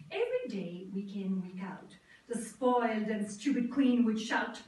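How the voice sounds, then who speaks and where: A woman's voice: sits high, normal speed, hardly any pauses. A woman reciting comic verse in a theatrical manner in a drawing room. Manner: theatrical, lively. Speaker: storyteller. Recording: echoey room from far off.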